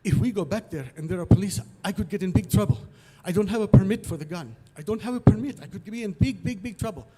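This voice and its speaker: A nervous, insistent tow truck driver, pitched up and pushed louder, as a storyteller puts him on. He hammers the same words over and over in a rush. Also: fast, few pauses, in a large hall, very noisy, close to an everyday voice. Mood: worried. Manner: urgent, insistent, repeats himself.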